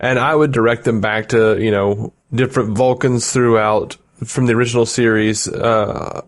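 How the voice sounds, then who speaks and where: Male podcast co-host, mid-pitched, loose rambling delivery with laughs. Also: steady tone, normal speed. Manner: rambling, laughs often, many fillers. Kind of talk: casual chat.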